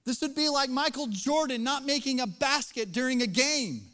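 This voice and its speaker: A man's voice: extremely high pitch, normal speed, few pauses, fairly bright tone. A middle-aged man preaching a sermon as pastor, conversational and joking, then building to emphatic points, recorded in a church sanctuary. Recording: long reverb of a large church hall.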